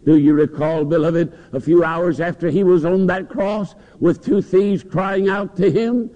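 Guy preaching hard in a church, dull old tape, big echo hall, mellow higher voice. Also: fairly even intonation, measured pace. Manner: impassioned preaching, rising and falling. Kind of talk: sermon.

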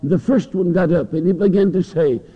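A man's voice: sits high, normal speed, slightly rough. A man preaching a sermon in a church, with passionate, rising and falling delivery. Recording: dull lo-fi recording in a long-echo hall.

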